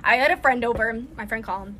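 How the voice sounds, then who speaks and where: Young adult woman with a somewhat high voice co-hosts a podcast in loose, casual chat. She talks quickly and breaks into giggles often, with a faint hiss of noise underneath. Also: sharp tone. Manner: fast-talking, giggly. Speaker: podcast co-host.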